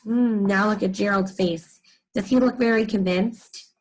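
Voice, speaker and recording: A woman's voice: medium pitch, fairly even intonation, a little slow, darkish tone, poor audio. A woman teaching an online reading lesson for children, speaking directly to them in an encouraging way.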